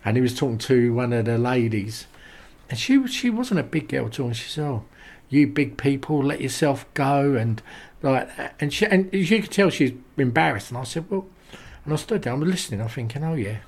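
Lively man telling stories. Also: medium pitch, fairly quick, breathy edge. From England. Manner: animated anecdotes with quoted voices and laughs. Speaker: interview guest. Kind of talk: casual storytelling.

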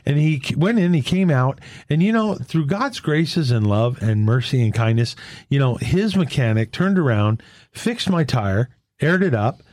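Earnest male storyteller, faith talk, very animated intonation, dry close sound. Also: medium pitch, moderate pace, dry recording. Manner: earnest testimony, retelling dialogue in a lively back-and-forth. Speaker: Catholic men's fellowship leader. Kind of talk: faith-sharing conversation with storytelling.

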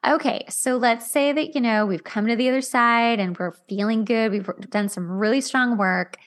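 A woman's voice: on the high side, normal speed. Upbeat woman podcast host. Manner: friendly and upbeat, affirming the guest. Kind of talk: casual podcast chat.

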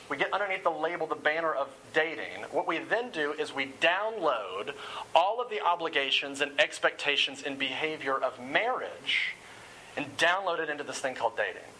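A man's voice: fairly high pitch, bright, forceful tone, slight background noise, poor audio. A man giving a sermon-style talk, often repeating words as he starts phrases.

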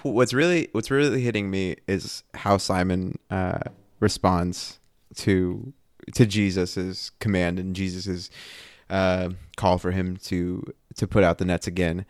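A man with a low, smooth voice co-hosts a casual podcast about scripture. He talks things through animatedly, restarting sentences as he thinks. The sound is dry and close. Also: fairly even intonation, a little slow, dry recording. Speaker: podcast co-host.

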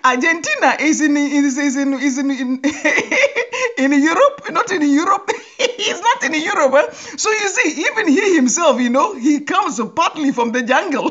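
A woman's voice: high voice, sing-song, measured pace, fairly bright tone. A woman hosting a humorous commentary monologue, teasing and laughing often. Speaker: podcast host. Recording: dull lo-fi recording.

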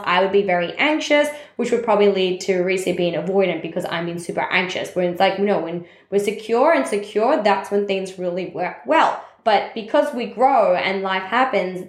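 A young woman speaks candidly about her personal struggles and lessons learned, in a warm, confessional, self-help manner with plenty of casual "like" fillers. Her voice sits at an ordinary middle pitch, and the room around her adds a noticeable echo. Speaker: network marketing team leader. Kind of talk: personal reflective monologue. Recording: roomy echo.

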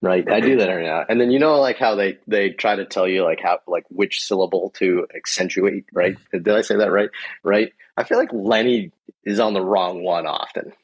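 A man's voice: low-pitched, expressive, moderate pace, gravelly, slightly rough, no room sound, dull audio. A man hosting a podcast panel in casual chat, chatty and full of fillers. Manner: laughing, chatty, filler-heavy. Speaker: podcast host.

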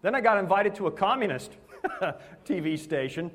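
A preacher tells a story from the pulpit, animated and laughing at himself. His voice sits a little high for a man. A long reverb from a large hall trails each phrase. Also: normal speed. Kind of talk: sermon with storytelling.

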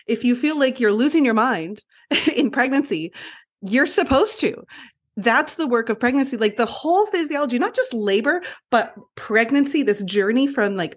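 A woman of ordinary pitch, a guest on a podcast, talking in long earnest runs. Her words keep flowing, and "like" shows up often as a filler. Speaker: guest, birth educator. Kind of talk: podcast interview talk.

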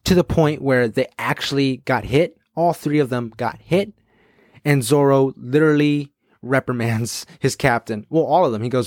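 A man hosting his own podcast, chatting casually and excitedly, with many fillers and quick quoted asides. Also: mid-range voice, dry recording, clean studio sound. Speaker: podcast host. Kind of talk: casual solo podcast chat.

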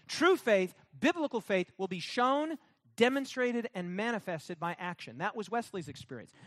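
High, lively preacher man with a dry sound. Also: no echo. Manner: emphatic, repetitive, call-and-response with congregation; mocking sarcastic put-on voices for effect. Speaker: pastor. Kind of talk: sermon.

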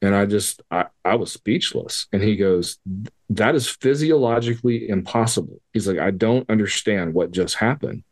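On a podcast, a man whose voice sits on the low side tells a personal story at a moderate pace. He swears casually and acts out the exchanges with quoted voices, keeping it conversational.

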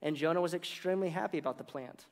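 A man's voice: a little high, quick pace, long reverb tail. A man preaching a sermon, retelling scripture in a casual, humorous storytelling way with slangy asides.

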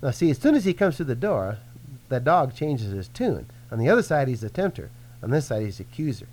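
A man's voice: medium pitch, a little fast, rough recording. A man speaking as a Christian minister, teaching earnestly in conversation and acting out quoted voices. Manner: earnest, animated preaching with acted-out quotes. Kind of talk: teaching in a radio-style conversation.

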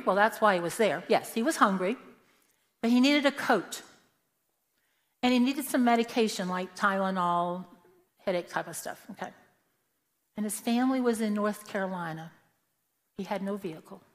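A woman speaks to a church congregation in an earnest storytelling manner, now and then acting out the people she describes. Her mid-range voice rings with a long, hall-like reverb from the sanctuary. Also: medium pitch. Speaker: church member giving a testimony. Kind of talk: prepared church talk with personal stories.

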